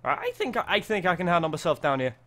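Excitable sweary young man. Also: high voice, fast. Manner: excitable, sweary, yelps when startled. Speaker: gaming video creator. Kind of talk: gameplay commentary.

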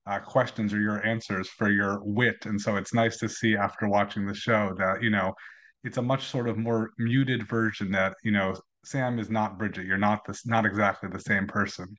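A man with a fairly low voice leads an interview. He asks his questions in a halting way, with fillers and restarts. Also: level tone, fairly bright tone.

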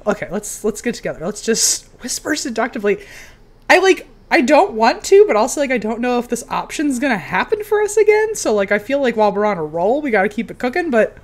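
A young woman giving casual, excitable commentary while playing a video game, cheering on her character. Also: a little high, fairly quick. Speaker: game streamer.

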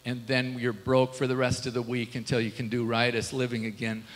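A man's voice: mid-range voice, completely flat delivery, brisk, big-room sound, low-quality recording. A male pastor preaching a sermon in a casual, conversational way, often asking the congregation rhetorical questions. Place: church sanctuary.

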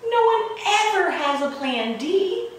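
A woman reading a picture book aloud to children in a playful, expressive way, with roars and chuckles, recorded in an echoey room from far off. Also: very high-pitched, takes it slowly, slight background noise. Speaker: children's librarian.

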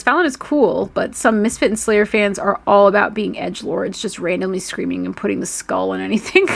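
Gravelly-voiced woman chatting on stream. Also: medium pitch, fairly bright tone. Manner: chatty, swears freely, laughs often. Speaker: streamer reading chat. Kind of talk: casual live-stream chat.

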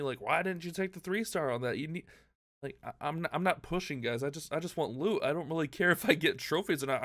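A man giving rambling, self-mocking commentary on his own gameplay for a video, with excited outbursts. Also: mid-range voice, no room sound. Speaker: gaming YouTuber.

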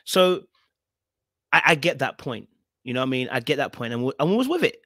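A man's voice, fairly quick and a bit bright with big swings in pitch, comes through in dry studio quality. As a podcast host reacting live to a clip, he addresses chat directly, says things over and over, and imitates people in high, exaggerated voices.

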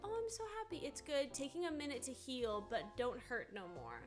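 A woman's voice: high voice, sing-song, fairly quick, music in the background. A woman who voices characters, hosting a live autograph stream in bubbly, gushing casual chat.

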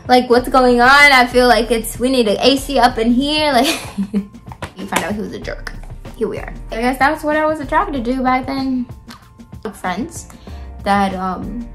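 A woman's voice: fairly high pitch, fairly bright tone. A young woman telling a rambling, chatty story about her school days while doing her makeup, full of fillers, recorded close on a phone indoors. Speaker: vlogger.

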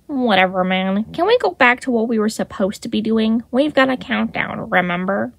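A woman voicing a crude, impatient young man who snaps and snarls in a gruff way. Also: on the high side, expressive, moderate pace. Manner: snapping, gruff.

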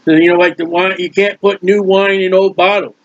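A man's voice: sits high, flat delivery, brisk, no room sound. A male preacher teaching from the Bible in a conversational, emphatic way, repeating words for stress and adding folksy asides. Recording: dull, dry lo-fi recording.

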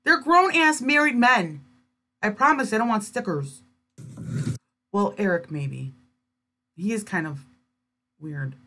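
A woman's voice: medium pitch, animated, slow, pauses often, pushed and bright. A woman giving sarcastic, incredulous reaction commentary on a video.

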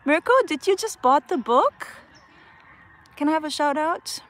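A young woman, a parrot trainer, chatting casually on a phone live stream outdoors, cooing at her bird and exclaiming excitedly. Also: high-pitched, unhurried. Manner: animated, cooing baby talk to her bird; frequent laughter, excited exclamations. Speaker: parrot trainer, channel host. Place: outdoors in open country.

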